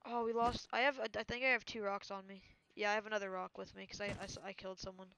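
A man streaming a survival game and chatting casually over voice chat, quick and excitable, jumping between thoughts. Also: sits high, vocal fry, slight background noise.

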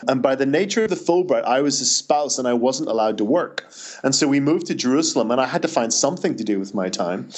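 A Northern Irish author, a man, answers interview questions casually, telling chatty anecdotes and restarting quickly as he goes. His voice has an ordinary middle pitch.

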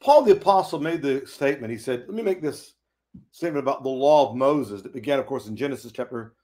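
A man's voice: medium pitch, lively intonation, fast, a little mellow. A man teaching a Bible study in a folksy, preachy way, acting out quoted dialogue.

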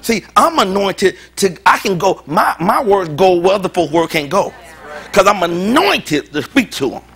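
A man's voice: high voice, big pitch swings, normal speed, pushed and bright, slightly rough. A pastor preaching a sermon in a joking, informal way, often laughing as he talks. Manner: informal, colloquial speech.

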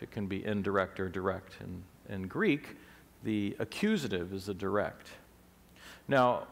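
Male preacher, gravelly, explanatory teaching sermon, echoey sanctuary. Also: medium pitch. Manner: explanatory, asks the congregation questions. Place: church sanctuary.

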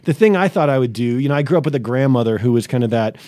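Brief: a 40s male pastor telling his own story with dry wit, a relaxed dark voice in a dead room. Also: mid-range voice, racing, no echo. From New England, USA. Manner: witty, self-deprecating, wordy. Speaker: pastor, podcast guest. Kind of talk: conversational interview storytelling.

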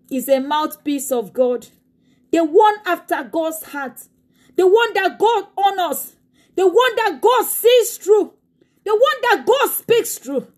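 Very high-voiced impassioned woman preacher. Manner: impassioned, swings into tearful shouting. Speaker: pastor. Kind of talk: sermon.

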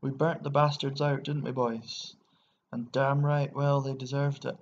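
A man voicing a drunk, hot-tempered young rebel commandant who shouts and swaggers, on a dull lo-fi recording. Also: mid-range voice, level tone, unhurried, close to an everyday voice. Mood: boastful. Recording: dull lo-fi recording with faint hiss.

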